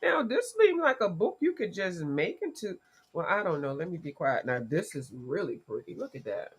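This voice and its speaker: A woman's voice: on the low side, sing-song, moderate pace, slightly rough. A woman hosting a casual livestream, congested from allergies and chatting with her viewers by name. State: congested from allergies, voice gone deep. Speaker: livestream host.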